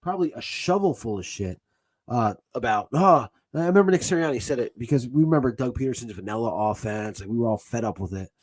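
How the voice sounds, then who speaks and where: A man ranting angrily as a football fan, swearing and bursting into shouts between sarcastic retellings. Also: mid-range voice, animated, fast, breathy edge. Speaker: sports vlogger. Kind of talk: angry fan rant.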